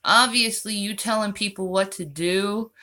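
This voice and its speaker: A woman's voice: medium pitch, lively intonation, takes it slowly, sharp tone. A woman hosting her own channel, answering viewer comments in a sarcastic, mocking tone. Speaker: channel host. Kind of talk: vlog reacting to viewer comments.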